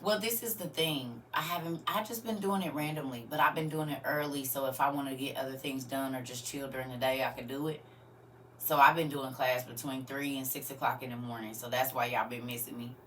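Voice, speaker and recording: Woman livestream host, low voice, chatty and laughing, talks back to the chat. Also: steady tone, a little fast, fairly bright tone, slight background noise. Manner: chatty, laughs often, answers viewer comments. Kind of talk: casual livestream chat with viewers.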